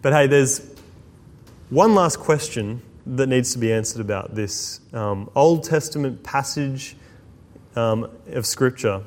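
A man preaching a sermon, swinging between slow, hushed emphasis and quick asides. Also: mid-range voice. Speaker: pastor. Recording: long hall reverb.

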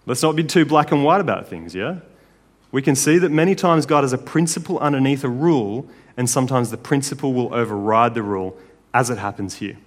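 A male preacher delivers a sermon in a relaxed, conversational way and keeps checking in with his listeners. His voice sits in a middle pitch. A long reverb from a large hall follows his words. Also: brisk. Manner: casual, conversational, with tag questions.

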